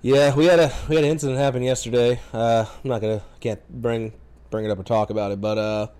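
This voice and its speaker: A man's voice: mid-range voice, steady tone, fast talker, darkish tone, clear, resonant tone. A firefighter paramedic man telling work stories in a casual interview, blunt and heavy on profanity.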